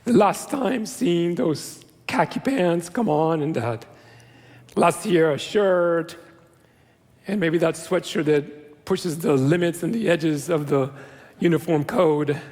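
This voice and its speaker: A middle-aged male pastor preaches a sermon in a large church sanctuary, sounding earnest and conversational with some self-deprecating humor. His voice sits on the high side and is slow and a little mellow. The church hall gives the recording a long reverb.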